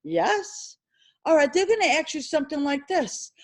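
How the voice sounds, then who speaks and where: A woman teaching an insurance licensing class, drilling terms over and over and firing questions at her students. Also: high voice. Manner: animated, repetitive drilling with quick questions to students. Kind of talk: classroom exam-prep lecture.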